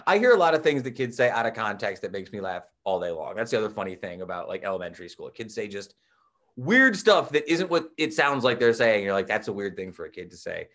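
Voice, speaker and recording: A man co-hosting a podcast, a teacher, chatting casually and telling relaxed, self-deprecating stories. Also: on the low side, fairly quick.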